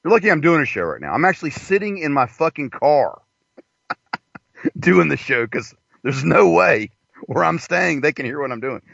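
A man's voice: on the high side, sing-song, moderate pace, vocal fry, a bit bright, breathy edge, dry recording. A man doing a rambling, profane comedy monologue from inside a parked car. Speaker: comedian host. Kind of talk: crude stand-up monologue. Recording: dull lo-fi, dry.

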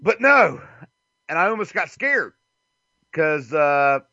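A man's voice: a little high, sing-song, takes it slowly, pushed and bright, dry recording, lo-fi sound. A man hosting a casual internet radio show, rambling and profane, with frequent fillers and chuckles.

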